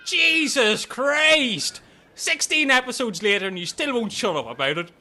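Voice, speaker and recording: Man voicing a shrill castaway, scolding and mocking, very high, bright and sharp, comedic game video. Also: sing-song, brisk, full character voice. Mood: exasperated.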